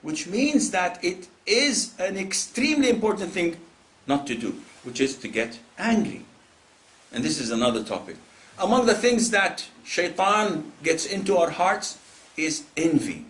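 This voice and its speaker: Animated man preaching a lecture. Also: sits high, measured pace. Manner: animated storytelling, mimics callers in raised voices. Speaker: Islamic preacher. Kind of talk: lecture with acted anecdotes.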